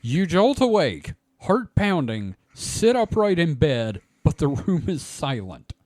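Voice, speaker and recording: A man hosting a podcast with a fairly high, lively voice that swings up and down as he jokes and reads. The sound is dry and close to the mic. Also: takes it slowly, no room sound. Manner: joking, laughs often, animated reading. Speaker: podcast host. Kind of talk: casual chat, reading an article aloud.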